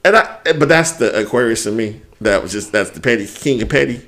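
Animated, profane man hosting a podcast. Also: fairly low pitch, a little fast. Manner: quotes people in put-on voices. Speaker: podcast co-host. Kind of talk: casual chat.

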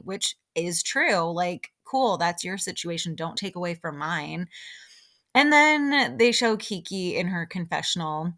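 Chatty opinionated woman, slightly low pitch. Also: unhurried. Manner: chatty and opinionated, many fillers, quotes people in lively put-on voices. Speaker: podcast host recapping a reality show. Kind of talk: casual chat.

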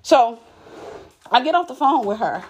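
A woman's voice: a little high, expressive, unhurried, breathy edge. A woman telling a personal story straight to the camera in a casual, emphatic way, often restarting and repeating words. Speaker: vlogger.

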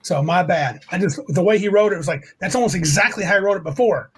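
Husky higher-voiced man rambling casually. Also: fast, a bit bright, low-quality recording. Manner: rambling, self-correcting, reads quotes aloud. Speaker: podcast co-host. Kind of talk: casual livestream chat.

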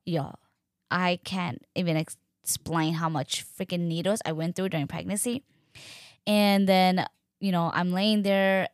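A young woman telling a personal story in a casual, animated way, acting out quoted dialogue and using lots of fillers. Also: fairly low pitch, unhurried, no room sound, clean studio sound. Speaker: podcast host.

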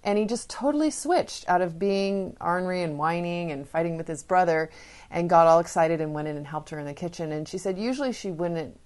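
A woman's voice: on the low side, brisk, darkish tone, smooth. A woman parenting educator chatting casually, retelling stories with fillers. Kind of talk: casual storytelling talk.

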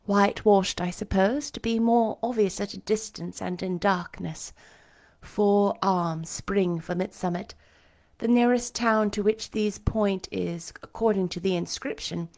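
A woman live-streaming a reading of a classic novel aloud, chatty and self-mocking between chapters and measured and expressive in the narration. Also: mid-range voice. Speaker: audiobook reader.

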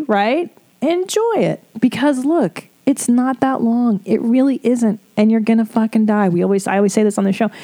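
A woman's voice: on the high side, warm tone. A middle-aged woman hosting an advice podcast, talking frankly in a casual way, swearing freely and laughing often. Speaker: podcast host giving advice.

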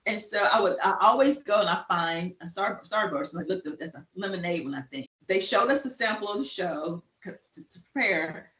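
A woman guest in a casual chat, talking fast and animatedly as she tells a story. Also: lowish voice, lively intonation, fairly bright tone. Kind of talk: casual chat, telling an anecdote. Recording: roomy, slightly dull sound.

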